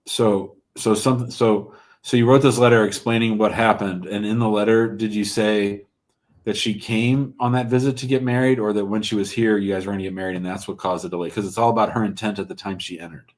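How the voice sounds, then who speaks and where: A man's voice: fairly low pitch, fairly even intonation, a little fast. A man hosting a live call-in show, giving blunt, plain-spoken immigration advice to callers and viewers.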